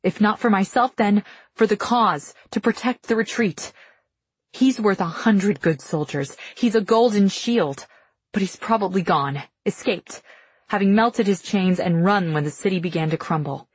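A woman's voice: medium pitch, measured pace, breathy edge, dry recording. A woman reading an audiobook in tense first-person narration.

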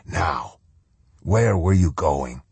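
A man voicing a cold, menacing masked male colonel who speaks low and quietly coaxing. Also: expressive, drawn-out words, creaky, slightly rough, no echo, heavily acted.

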